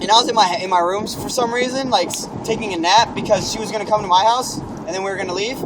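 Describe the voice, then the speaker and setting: A young man casually telling friends an animated story, swearing and acting out his own shouts. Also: sits high, fast talker, background noise. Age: young adult. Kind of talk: casual chat.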